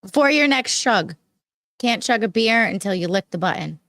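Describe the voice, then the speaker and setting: A woman co-hosting a podcast in casual banter, teasing with quick comebacks. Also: medium pitch, lively intonation, a bit bright, dry recording. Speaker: podcast co-host.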